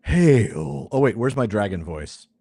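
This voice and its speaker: Low-voiced man chatting through a game. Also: animated, moderate pace. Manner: chatty, thinking aloud while playing. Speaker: streamer and podcast host. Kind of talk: casual gameplay commentary.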